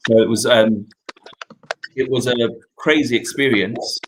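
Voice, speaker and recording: A young adult man, hosting a talk show and telling a personal story in an earnest, reflective way, with pauses and restarts. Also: mid-range voice, slight background noise, poor audio. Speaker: host.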